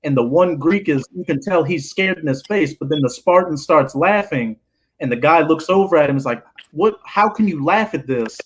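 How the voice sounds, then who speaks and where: Male group member, husky voice, slightly high, earnest storyteller. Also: a little fast, poor audio. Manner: earnest, tells a film scene as an example. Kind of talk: casual discussion.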